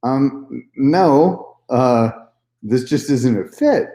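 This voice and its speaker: A man's voice: mid-range voice, lively intonation, extremely slow, dark tone, reverberant. A man telling a personal story in a casual vlog monologue, candid and repetitive, swearing freely. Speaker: vlogger.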